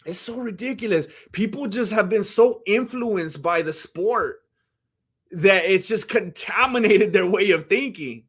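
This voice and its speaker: A man hosting a livestream, chatting casually and reacting to chat in an animated, rambling way. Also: high voice, measured pace, husky. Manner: animated, rambling, jumps into voices. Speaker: livestream host.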